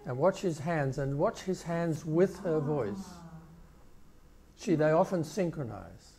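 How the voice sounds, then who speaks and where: An older male professor giving a conference keynote, explaining video clips with pauses and restarts. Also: fairly high pitch, lively intonation, dark tone. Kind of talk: conference lecture.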